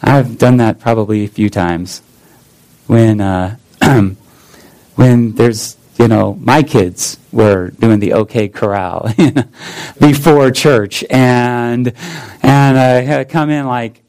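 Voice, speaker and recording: A man in his thirties preaching a sermon as pastor, deliberate, with repeated phrases and rhetorical questions. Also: medium pitch, a little mellow, rough recording.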